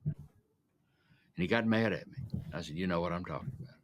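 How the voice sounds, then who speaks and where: A man's voice: deep voice, normal speed, fairly bright tone, a little hiss or hum. A man interviewed for a documentary, recounting a memory in blunt, plain-spoken words.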